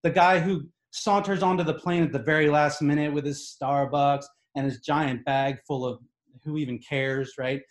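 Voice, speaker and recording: A man telling a comic personal story on stage in an animated, exasperated, emphatic way. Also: on the high side, moderate pace. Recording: echoey room.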